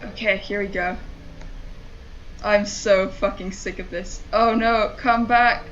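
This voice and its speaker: A woman's voice: mid-range voice, fairly even intonation, slow, muffled recording, a little hiss or hum. A woman streaming a game, talking to herself and her chat in frustrated, swearing casual commentary. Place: home streaming setup.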